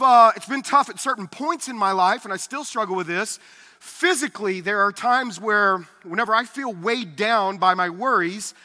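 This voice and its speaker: Middle-aged man, pastor, earnest sermon, slightly winded, high bright voice in a reverberant sanctuary. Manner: earnest, confessional preaching with frequent restarts. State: slightly out of breath from carrying a heavy backpack. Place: church sanctuary.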